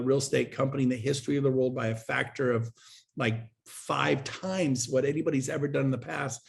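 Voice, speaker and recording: A man talking as a guest in an interview, pitching hard with emphatic, repetitive and urgent delivery. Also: creaky. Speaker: guest, real estate agent and recruiter. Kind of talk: energetic sales pitch in an interview.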